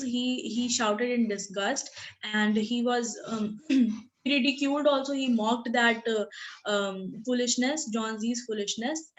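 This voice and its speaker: A woman's voice: a little high, poor audio. A woman teacher explaining a short story in a recorded lesson, talking hesitantly with many fillers and restarts and often asking "right?". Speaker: literature teacher.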